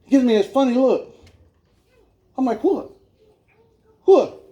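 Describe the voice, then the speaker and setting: A man with a high voice tells his life story at a church revival. His way of talking is folksy and self-mocking, and laughter keeps slipping into his words. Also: fairly even intonation, moderate pace, dark tone, lo-fi sound. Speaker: guest speaker giving his life testimony.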